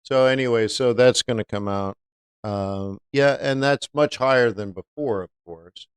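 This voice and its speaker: A man's voice: medium pitch, a little slow, clean tone, dry recording. A man hosting a live-stream trading lesson, chatty, often asking viewers rhetorical questions. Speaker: trading educator.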